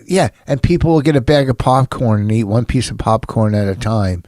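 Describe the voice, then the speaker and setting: A man's voice: medium pitch, expressive, fairly quick, darkish tone, dry recording, clean studio sound. A middle-aged man co-hosting a podcast in casual chat, ranting bluntly and swearing a lot. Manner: blunt, grumbling rants with heavy swearing. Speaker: podcast co-host.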